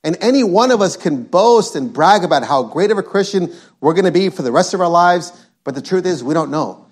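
A male preacher with a high-sitting, animated voice and a slightly fast pace delivers an emphatic sermon. He quotes scripture and drives his points home by repeating them.

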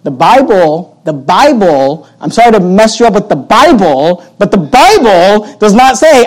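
A man preaching from the pulpit in a high voice. He drives his points home with sarcastic jabs, rising sharply for emphasis and dropping to quiet asides. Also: sing-song, a little slow, few pauses, rough recording. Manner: emphatic and sarcastic, swinging between loud and hushed. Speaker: pastor. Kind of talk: sermon.

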